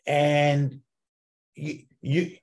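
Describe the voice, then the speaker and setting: A man hosting an interview, telling a story in a lively, animated way with many restarts. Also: fairly high pitch, drawn-out words. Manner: animated storyteller, lots of repeated starts. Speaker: podcast host.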